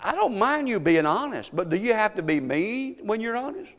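In a sing-song, slightly bright voice pitched high for a man, a pastor preaches emphatically at normal speed with hardly any pauses. He drives his points with strings of rhetorical questions under a long church-hall reverb.

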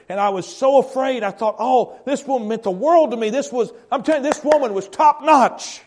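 In a high voice, a middle-aged pastor earnestly tells a story during his sermon. His delivery includes halting repetitions and moments where he drops to a hush.

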